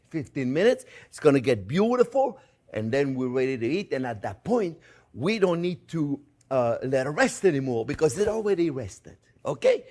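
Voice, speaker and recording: A man hosting a cooking show, chatting through a cooking demonstration while he works and often calling the viewers friends. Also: medium pitch. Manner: lively, talks while working with his hands.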